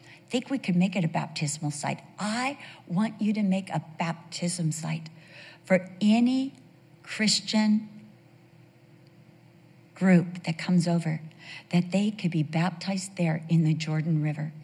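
Woman pastor, animated sermon storyteller, slightly husky voice, long hall reverb. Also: fairly low pitch, a little slow. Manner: animated storyteller, drops to a whisper for emphasis.

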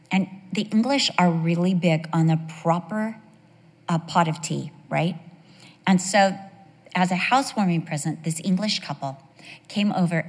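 A middle-aged woman giving a sermon full of personal stories, chatting and asking the audience questions. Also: lowish voice. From United States. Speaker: women's devotional speaker. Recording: long reverb of a large hall.

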